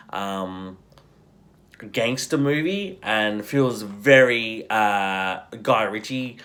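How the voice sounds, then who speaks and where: A man hosting a casual movie review video, chatty and enthusiastic with halting pauses. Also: on the low side, a bit bright.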